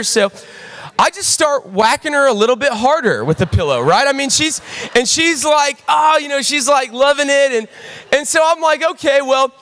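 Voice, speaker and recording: A young pastor with a very high voice preaches to a full church, telling a lively story and calling out to the crowd. Long reverb from the big auditorium hangs on his words. He talks in an animated way and keeps checking in with the room. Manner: storytelling, animated, audience call-outs. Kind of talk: sermon.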